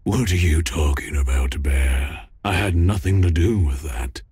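An actor playing a smug, menacing crime boss in a noir game, with a deep gravelly voice and a slow, threatening manner. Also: male voice, darkish tone, dry recording, full character voice.

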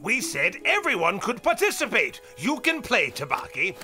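A man voicing a wise, calm male jungle elder who referees games in a cartoon dub, speaking in a patient, lecturing way. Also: high-pitched, normal speed, music in the background. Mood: instructive.

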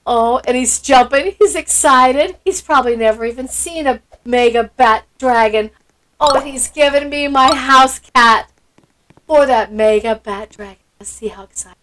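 A woman's voice: high-pitched, unhurried, fairly bright tone, a little hiss or hum, rough recording. A woman hosting a gameplay video, gushing with sweet enthusiasm and gasping often. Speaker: channel host. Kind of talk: excited gameplay commentary.

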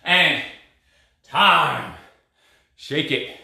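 A man's voice: fairly high pitch, expressive, very slow, vocal fry, sharp tone. Breathless man barking workout commands. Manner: barking short commands and counts, pushy and blunt. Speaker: fitness instructor. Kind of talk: coaching a live cardio boxing class. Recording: echoey room, voice far from mic.

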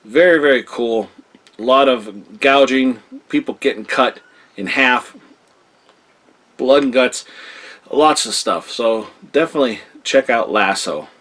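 A man's voice: mid-range voice, measured pace, a bit bright. Rambling casual male film reviewer. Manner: rambling, repeats words with many fillers.

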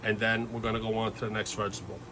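A man giving a relaxed, chatty cooking demonstration, talking viewers through each step with lots of fillers and asides. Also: fairly low pitch, very fast. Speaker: home cook showing a recipe. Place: kitchen, then an outdoor backyard grill. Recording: outdoor background noise.

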